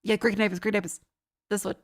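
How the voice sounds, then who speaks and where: A woman's voice: mid-range voice, little pitch movement, fast. A woman streaming in casual, sweary chat, with a sinus infection. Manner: casual and sweary, laughs often.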